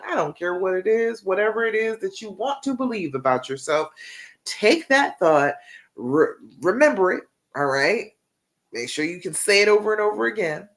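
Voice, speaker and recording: A woman's voice: medium pitch, a bit bright. Emphatic woman coaching her viewers. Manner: emphatic, repetitive, ends points with "okay?"; encouraging, instructive. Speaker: relationship coach. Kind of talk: live-stream coaching talk.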